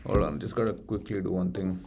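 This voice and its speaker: A man's voice: low-pitched, fairly quick, gravelly, noisy background. A young man with an Indian accent streaming his study session, muttering distractedly, swearing casually and calling everyone bro. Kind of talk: casual live-stream chatter.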